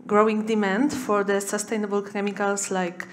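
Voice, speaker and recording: A woman's voice: mid-range voice, flat delivery, normal speed, slight background noise. A woman moderator, hesitant and full of fillers as she relays a question in English. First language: Polish. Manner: hesitant when speaking English, many fillers.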